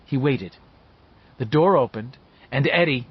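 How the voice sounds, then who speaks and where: A man reading a novel aloud as scripted narration, telling the story in a measured, lively way. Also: mid-range voice, slightly rough, lo-fi sound. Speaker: audiobook narrator.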